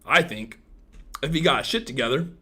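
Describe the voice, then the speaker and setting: Crude, teasing man with a lively voice. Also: mid-range voice, normal speed, breathy edge. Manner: crude, teasing, joking with chat; swings from loud outbursts to mumbled asides. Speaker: livestream host chatting with viewers. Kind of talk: casual livestream chat.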